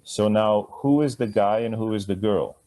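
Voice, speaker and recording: A man's voice: on the low side, moderate pace, dark tone. A man teaching a live Sanskrit class, chatty and asking students to repeat sounds after him.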